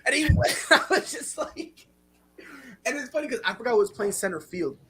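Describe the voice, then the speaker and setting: A man's voice: very high-pitched, a little fast. A man hosting a casual sports talk show, telling stories and acting out what players said. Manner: animated storyteller, acts out players' quotes.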